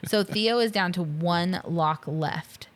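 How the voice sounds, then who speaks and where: A woman co-hosting a film podcast, casually recapping the plot with frequent laughter and quick impressions of the characters. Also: on the low side. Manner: chatty, laughs often, quotes characters in silly voices. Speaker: podcast co-host. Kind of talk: casual movie recap chat.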